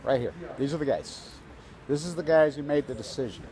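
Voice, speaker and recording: A man's voice: medium pitch, fairly quick, warm tone. Agitated man ranting at a street protest. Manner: agitated, conspiratorial, tells stories with quoted dialogue. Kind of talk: self-filmed protest vlog, rambling commentary. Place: outdoors on a street outside an office building. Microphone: handheld camera.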